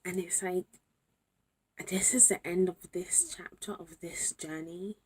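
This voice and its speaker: Young woman vlogger, low voice, tired, hushed and emotional, faint hiss behind. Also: steady tone, unhurried. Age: young adult. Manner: overwhelmed, drifts between whispering and exclamations. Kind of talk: late-night emotional vlog to camera.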